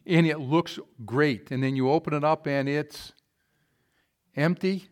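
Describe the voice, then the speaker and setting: A man preaching in a church, telling folksy jokes and reading scripture with rising force. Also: on the high side. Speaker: pastor. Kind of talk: sermon with jokes.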